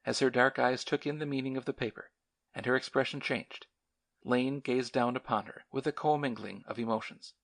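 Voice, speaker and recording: Gravelly male audiobook narrator. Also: medium pitch, steady tone, moderate pace. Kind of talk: scripted narration.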